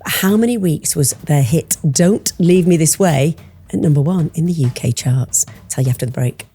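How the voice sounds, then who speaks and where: A woman's voice: deep voice, normal speed. A middle-aged woman hosting a podcast, chatting casually, telling stories and laughing easily. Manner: chatty, warm laughter, storytelling. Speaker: podcast host. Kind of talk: casual chat.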